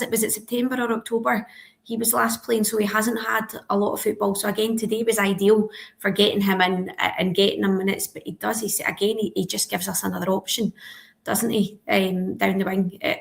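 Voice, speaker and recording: A woman's voice: mid-range voice, creaky. A woman co-hosting a football podcast, chatty and fond of tag questions. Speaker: podcast co-host. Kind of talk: casual football podcast chat.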